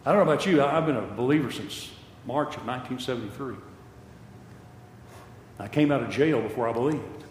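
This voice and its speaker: A man's voice: medium pitch, brisk, long pauses, a little hiss or hum. Older male preacher in an echoey hall. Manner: impassioned, repeats phrases for emphasis. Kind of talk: sermon. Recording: echoey hall with long reverb.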